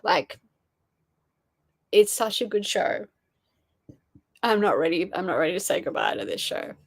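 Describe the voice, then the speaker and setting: Hosting a casual livestream, a young woman reads the live chat and talks with her viewers, rambling and swearing offhandedly. Her voice sits on the low side, slightly slow but expressive.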